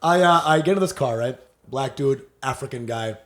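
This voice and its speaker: A man's voice: mid-range voice, expressive, a little fast, a bit bright. A man co-hosting a comedy podcast, telling crude stories in casual banter and laughing often. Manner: crude, joking storyteller who laughs often. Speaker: podcast co-host.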